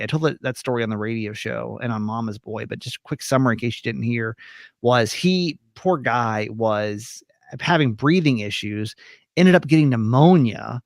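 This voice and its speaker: A man's voice: medium pitch, no echo, clean studio sound. A man hosting a podcast, chatting casually in a rambling way with some swearing. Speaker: podcast host. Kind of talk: casual chat.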